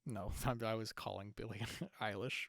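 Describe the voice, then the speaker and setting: A man's voice: lowish voice, fairly even intonation, normal speed, gravelly, a bit bright, no echo, studio quality. A young man co-hosting a podcast in casual chat, rambling with lots of fillers and restarts. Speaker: podcast co-host.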